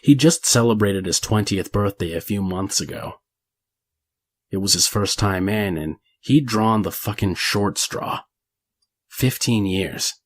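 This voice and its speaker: A man reading a horror story aloud in a measured, gritty way with crude language. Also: fairly low pitch. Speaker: narrator. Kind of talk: scripted horror story narration.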